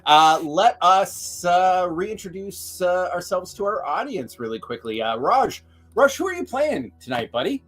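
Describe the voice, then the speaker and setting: Chatty guy running a tabletop rpg stream, excited, lots of uhs. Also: high voice, measured pace, slightly rough, faint music behind. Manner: upbeat, lots of filler words. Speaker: game master and host. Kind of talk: casual livestream chat.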